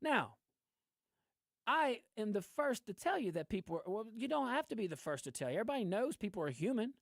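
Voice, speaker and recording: A man's voice: high voice, fairly quick, vocal fry, no echo, studio quality. A man hosting political commentary, ranting with lots of laughs. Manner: animated, ranting, laughs often. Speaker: host.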